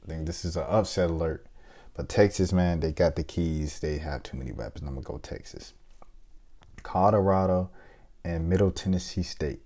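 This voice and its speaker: A young man with a low, mellow voice chats casually as he fills out a basketball bracket. He thinks out loud, full of hesitant fillers and playful shout-outs. His delivery stays relaxed and conversational. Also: normal speed. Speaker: sports video host. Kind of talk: casual bracket-picking chat.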